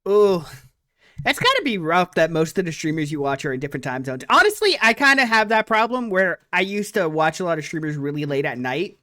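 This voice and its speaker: A woman's voice: fairly low pitch, sing-song, fairly quick, pushed and bright. Giggly woman hosting a chat stream. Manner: giggly, laughs often. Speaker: stream host. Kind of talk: casual chat.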